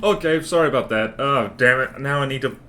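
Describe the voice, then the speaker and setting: A man's voice: mid-range voice, brisk, a little hiss or hum. A man streaming a game, giving casual, joking commentary and talking to himself. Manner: animated, jokey self-talk.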